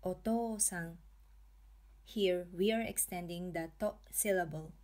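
A woman narrating a pronunciation lesson at an unhurried, deliberate pace. Her pitch sits in an ordinary middle range. She draws out each example word with careful, clear articulation. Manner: slow, careful, drawn-out pronunciation. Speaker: language teacher.

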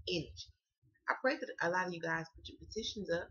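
Bright-voiced Southern woman, chatty tarot reader. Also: fairly low pitch, fast, husky, highs cut off. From Southern United States. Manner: chatty, slangy, swears freely. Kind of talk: casual tarot reading to camera.

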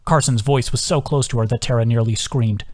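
Man reading an audiobook, measured tone. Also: mid-range voice, steady tone, darkish tone. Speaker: author reading his own audiobook. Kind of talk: audiobook narration.

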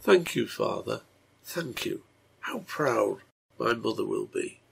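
A man's voice: medium pitch, big pitch swings, normal speed, creaky, slight background noise, voice pushed up. A man doing a sweet sick little girl. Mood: gentle. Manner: soft, gentle, pleading.

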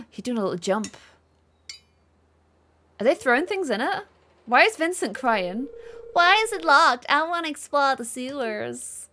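A woman's voice: high-pitched, unhurried, long pauses. Bubbly woman narrating a game. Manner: bubbly, gasping, excitable. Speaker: gaming channel host. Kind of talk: co-op let's play commentary.

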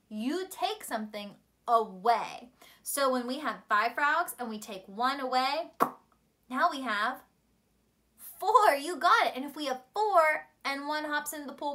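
A woman's voice: sits high, bright, forceful tone. A woman teacher speaking to young children in an encouraging storytime lesson. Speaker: primary school teacher.

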